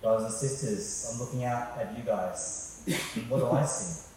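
A man preaches a sermon to a church hall, chatty and full of questions for his listeners. His voice is mellow and dark. It is recorded from far off in a very echoey hall with faint background noise. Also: mid-range voice, normal speed. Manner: conversational, asks the congregation questions.

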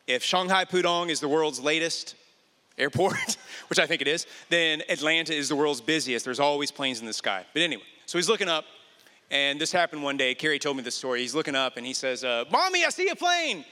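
Bright-voiced preacher in an echoey hall. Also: male voice, on the high side, a little fast. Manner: storytelling, emphatic repeated appeals to the listener. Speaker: pastor. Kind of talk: sermon.

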